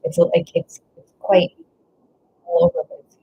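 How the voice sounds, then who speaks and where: Her mid-range voice swoops wildly in pitch, a little slow and mellow with vocal fry, as this woman rambles through a live tarot reading. Emotional and gushing, she keeps saying "wow" and "whoa"; the recording sounds slightly dull and lo-fi, with faint noise.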